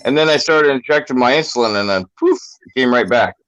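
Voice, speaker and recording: A man's voice: medium pitch, animated, quick pace, fairly bright tone, no room sound. A man in his fifties calling in, telling crude joking stories with lots of swearing. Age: 50s. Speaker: caller. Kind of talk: casual profane chat. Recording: dull dry call line.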